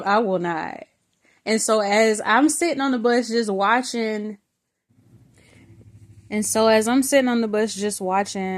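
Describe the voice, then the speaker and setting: A woman giving an earnest spoken testimony about a vision, talking conversationally with fillers and calling her viewers brothers and sisters. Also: medium pitch. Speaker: faith vlogger recounting a vision.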